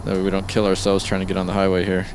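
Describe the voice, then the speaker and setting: Over background noise, a man hosts a let's play, giving casual gameplay commentary. His low voice is monotone and very fast as he chats and thinks aloud in an easygoing, chuckling way.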